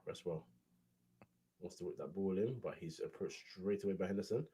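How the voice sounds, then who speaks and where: A man's voice: deep voice, a little fast, dark tone, slightly rough. A young man giving casual play-by-play football commentary, chatty and naming players as the game goes.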